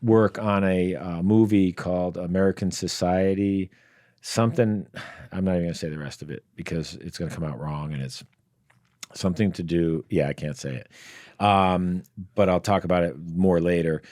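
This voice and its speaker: A man's voice: low voice, moderate pace, a little mellow, dry recording, studio quality. A male podcast co-host and actor, telling rambling, hesitant anecdotes full of restarts. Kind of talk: casual podcast chat.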